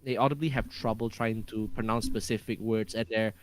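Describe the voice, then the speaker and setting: A man's voice: lowish voice, steady tone, fairly quick. A man from Malaysia with a Malaysian English accent, a podcast guest talking casually, often hunting for words and restarting sentences. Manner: searching for words, many restarts and fillers.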